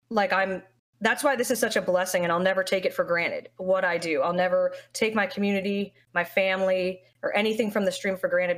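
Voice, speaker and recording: A young woman speaks with a slightly low voice, open and heartfelt, telling a long personal story as a streamer in an interview. Her talk wanders, with frequent restarts and fillers along the way. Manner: candid, heartfelt, rambling with many restarts.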